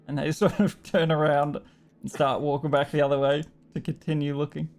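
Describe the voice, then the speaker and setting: A man's voice: on the high side, little pitch movement, a little fast, darkish tone, faint music behind. An Australian man narrating as game master in a casual, rambling tabletop session, laughing often.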